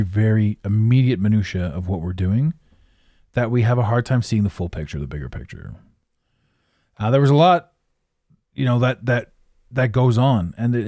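A man delivers a casual podcast rant, blunt and profane, laughing now and then. His voice swings widely in pitch as he hammers his points home. The sound is dry, with no room echo. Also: animated, moderate pace, mellow. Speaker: podcast host. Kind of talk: casual ranting monologue.

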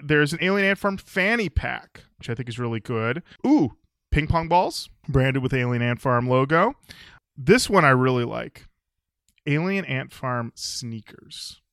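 Bright-voiced man doing a mock sales pitch. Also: animated, unhurried, clean tone, no echo, studio quality. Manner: playful mock sales pitch, acting out scenes. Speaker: podcast co-host. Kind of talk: comedic podcast banter.

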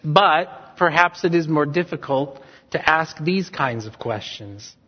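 Man, pastor, earnest sermon, slow delivery, reverberant hall, muffled lo-fi recording. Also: fairly high pitch, expressive. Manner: earnest, repeats questions for emphasis. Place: church sanctuary. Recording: dull sound with long hall reverb.

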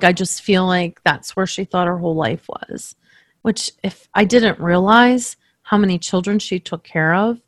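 A woman working as a medium, tenderly recounting a reading to the person she read for, emotional and halting. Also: on the low side, no echo, studio quality.

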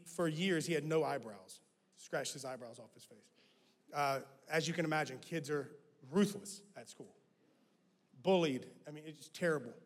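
A man preaching a sermon as guest pastor, who swings from loud emphatic lines to hushed ones. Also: on the high side. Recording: long reverb of a large hall.

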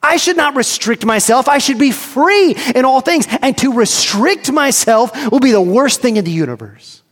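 A man's voice: very high-pitched, lively intonation, normal speed, fairly bright tone, in a large hall. A man preaching a sermon as a pastor, asking emphatic rhetorical questions and acting out inner dialogue.

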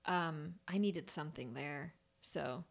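Young woman, nurse, lower voice; loose, candid storyteller in a casual chat. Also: slow pace, gravelly. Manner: candid, rambling, frequent "like". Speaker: nurse on a burn unit. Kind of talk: casual conversation.

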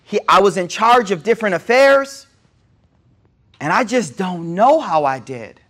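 A man teaching as an Islamic speaker in a relaxed sermon, retelling a story, dropping street slang, repeating phrases for emphasis and reciting Arabic quotations quickly. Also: high voice.

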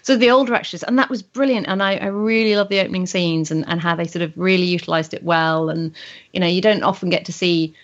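A woman's voice: fairly low pitch, quick pace. A woman in casual podcast chat, chatty and full of questions and rambling asides. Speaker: podcast co-host. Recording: muffled lo-fi audio.

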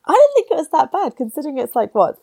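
A woman's voice: sits high, wildly swooping pitch, quick pace, gravelly, mellow, dry recording. A woman guest on a podcast, chatting about films in an enthusiastic, sweary way. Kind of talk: casual podcast chat.

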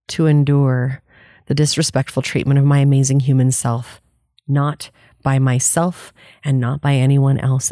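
A woman's voice: rumbling low, warm tone, dry recording, clean studio sound. A woman life coach giving an earnest, candid motivational talk, laughing often and swearing casually.

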